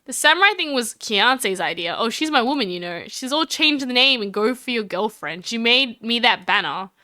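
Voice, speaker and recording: A woman's voice: on the high side, expressive, moderate pace, bright, forceful tone, no room sound, studio quality. A woman with an Australian accent reading the lines of a goofy, boastful young man in a casual, rambling way.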